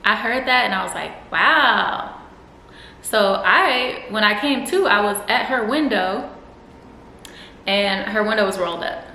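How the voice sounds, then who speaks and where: A bright, expressive young woman with a twang speaks candidly straight to the camera. She is blunt, swears freely and acts out her own angry moments with animated energy. Her voice rings a little in an echoey room. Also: medium pitch, moderate pace. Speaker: vlogger. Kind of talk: candid self-help talk to camera.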